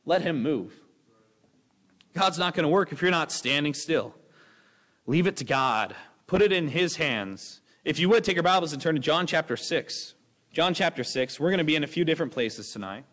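Young male preacher, lively and scattered, slightly high voice, echo of a big hall. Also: moderate pace. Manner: energetic, rambling, acts out voices. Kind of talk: sermon. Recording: long hall reverb.

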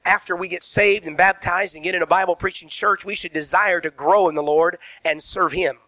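Pastor, male, emphatic sermon delivery, tense bright tone, dry close sound. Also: sits high, fairly even intonation, a little fast, dry recording, poor audio. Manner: emphatic preaching with rhetorical questions, spells words out. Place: church sanctuary.

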